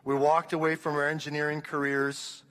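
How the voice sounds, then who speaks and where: A man around sixty preaches to his congregation with a notably high, ringing voice. He tells his story with passion, often restarting his sentences. His words roll out into the long echo of a church hall. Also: completely flat delivery, normal speed, a bit bright, slight background noise. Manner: impassioned storytelling with frequent restarts. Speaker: pastor. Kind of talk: sermon testimony.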